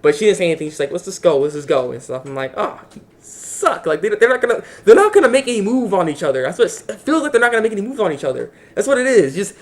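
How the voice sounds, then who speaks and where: Fast-talking man recapping an anime. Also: high-pitched. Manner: rambling, animated, acts out characters' lines. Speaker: anime reviewer. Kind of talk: casual episode recap.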